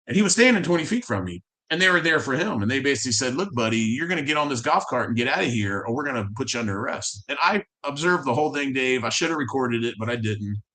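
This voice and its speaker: A man's voice: medium pitch, animated, quick pace, few pauses, pushed and bright. A man, a military veteran, telling his story as a guest in a casual interview, impassioned and tumbling over restarts. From Florida.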